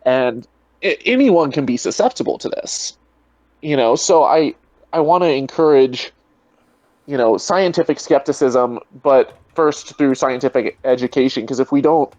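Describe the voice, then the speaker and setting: A man's voice: medium pitch, moderate pace, a little mellow, no echo, rough recording. A man talking as a guest in a casual online debate, rambling and full of "you know" fillers over a video call. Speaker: guest, atheist video creator.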